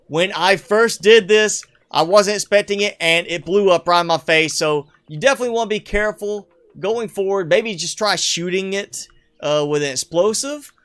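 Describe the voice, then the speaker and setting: This male streamer's voice is high and a bit bright, with a clean, resonant tone. Showing off player builds, he offers casual, rambling live game commentary, chatty and self-deprecating, with frequent chuckles.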